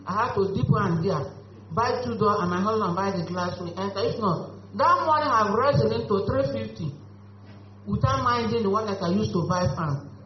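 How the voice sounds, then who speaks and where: A woman's voice: mid-range voice, expressive, normal speed. Woman testifying earnestly, dull lo-fi sound with faint hum. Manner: earnest, emphatic, broken grammar. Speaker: beneficiary giving testimony. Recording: echoey room, dull lo-fi audio, faint hum.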